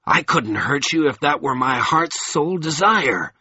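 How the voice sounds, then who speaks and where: A man's voice: on the high side, expressive, measured pace, sharp tone, slightly rough, no echo, pitched above the performer's own voice, exaggerated voice. A man voicing a weary bewildered man, muttering, groaning, dull lo-fi audiobook recording.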